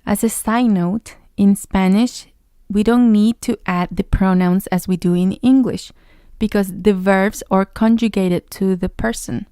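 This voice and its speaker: A woman leads a beginner language lesson at an unhurried pace, asking a question, answering it and leaving space for repetition. Her voice is mellow and close. The sound is dry, with no room around it. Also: mid-range voice, fairly even intonation, smooth, no echo. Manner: patient, asks a question then answers it, pauses for the learner to repeat. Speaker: Spanish teacher. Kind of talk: slow, patient language lesson.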